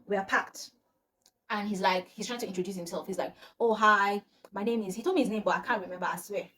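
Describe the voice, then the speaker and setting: A young woman with a Nigerian accent telling a personal storytime to her viewers in a chatty, animated way. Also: medium pitch, quick pace, a little hiss or hum. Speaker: vlogger. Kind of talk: storytime vlog.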